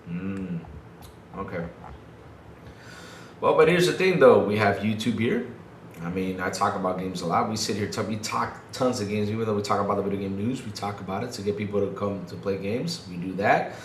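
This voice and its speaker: This podcast co-host rants emphatically about gaming in a casual way, hammering his points by repeating them. His voice is on the low side and moves at a moderate pace, recorded in an echoey room with faint background noise.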